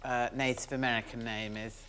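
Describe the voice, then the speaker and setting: A woman's voice: rumbling low, flat delivery, fairly quick, fairly bright tone, a little hiss or hum. A woman on a comedy quiz panel, making dry, self-mocking jokes.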